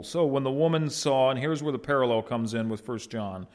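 A man's voice: medium pitch, a little fast, hardly any pauses, darkish tone. A man preaching a sermon as pastor, in a conversational way, putting questions to his congregation and answering them himself.

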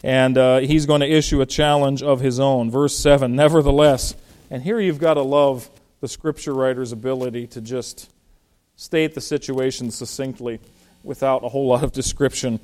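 A man teaching through a Bible passage verse by verse in a conversational, animated way, with frequent fillers and restarts. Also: medium pitch, moderate pace. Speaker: pastor.

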